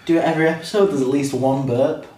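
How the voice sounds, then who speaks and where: A man's voice: medium pitch, steady tone, quick pace, dark tone. Easygoing man, distant and echoey. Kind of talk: casual chat among friends. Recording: echoey, distant mic, faint noise.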